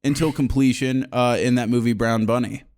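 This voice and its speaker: A man co-hosting a podcast in casual chat, telling jokey, animated stories. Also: mid-range voice, brisk. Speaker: podcast co-host.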